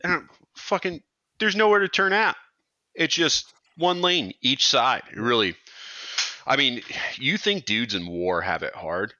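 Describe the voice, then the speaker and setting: A young adult man, a podcast guest, telling stories in a profane, animated way. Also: medium pitch, measured pace, no echo, muffled recording. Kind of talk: casual podcast chat.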